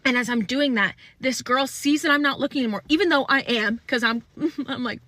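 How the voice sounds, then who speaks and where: A young woman telling a casual storytime into her phone, animated and laughing, swearing freely. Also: high-pitched, a little fast, no room sound.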